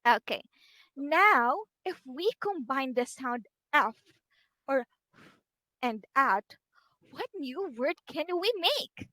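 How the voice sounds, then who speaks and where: A woman teacher with a Filipino English accent, giving a slow, encouraging online phonics lesson to a child and modelling each sound for her. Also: high-pitched, animated, sharp tone, no echo, rough recording.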